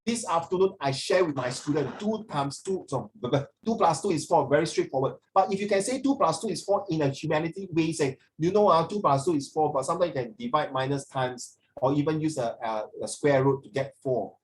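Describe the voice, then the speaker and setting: A man's voice: a little high, fairly quick, hardly any pauses, a little mellow, low-quality recording. A male teacher runs a loose, chatty lesson. He flips between English and Mandarin mid-sentence and keeps teasing his students. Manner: playful, teasing. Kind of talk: casual classroom lesson.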